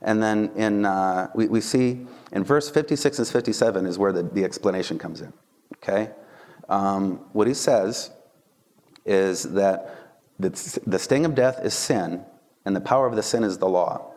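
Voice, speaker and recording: A man with a low voice preaches in a relaxed, conversational way, like a teacher talking to his class. He is animated and keeps checking in with his listeners. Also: normal speed. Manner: conversational, animated, asks "right?" and "okay?" often. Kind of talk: casual sermon.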